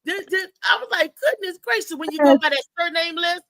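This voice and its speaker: Animated, bright-voiced woman host. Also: very high-pitched, brisk. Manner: animated rambling storyteller, laughs often. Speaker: talk show host. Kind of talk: casual live show chat.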